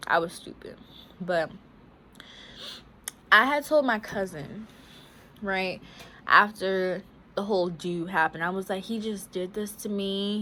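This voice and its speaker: A young woman talking casually in a storytime vlog, animated and acting out what she and others said. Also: mid-range voice, a little hiss or hum. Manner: animated, quotes herself and others in conversation. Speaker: vlogger.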